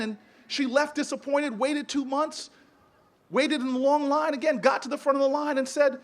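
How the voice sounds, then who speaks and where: A man delivers an inspirational commencement speech in a strikingly high voice. He tells stories with emphasis and sometimes trips over repeated words as he pushes his point. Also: steady tone, fairly quick. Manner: storytelling, emphatic, with stumbling repeats. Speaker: commencement speaker.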